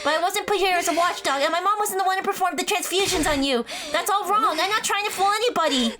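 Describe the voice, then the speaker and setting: A woman's voice: sits high, quick pace, a crowd in the background, natural voice. A woman voicing a young female student soldier who pleads earnestly with her friends in a video game. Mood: pleading. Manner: earnest, insistent.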